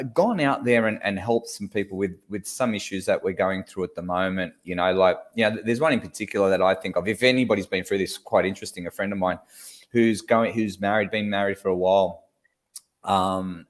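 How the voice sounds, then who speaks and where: An Australian man co-hosting a casual live-stream chat, talkative and swearing now and then. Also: sits low. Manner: chatty, swears casually, animated. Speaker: co-host.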